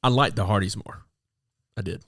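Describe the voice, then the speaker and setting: A relaxed young man co-hosts a casual podcast, chatting easily and leading into segments. His voice is on the low side. The recording is dry with no room sound. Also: normal speed, no echo. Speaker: podcast co-host. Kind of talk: casual chat.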